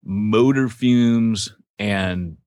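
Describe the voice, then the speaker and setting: A man co-hosting a podcast in casual banter, joking and animated. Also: fairly low pitch, very slow, smooth, dry recording, clean studio sound. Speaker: podcast co-host.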